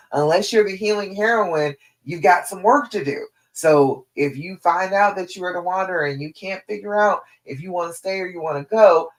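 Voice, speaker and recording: A woman's voice: deep voice, low-quality recording. A woman relationship coach giving a live stream talk, direct and encouraging, repeating her key points.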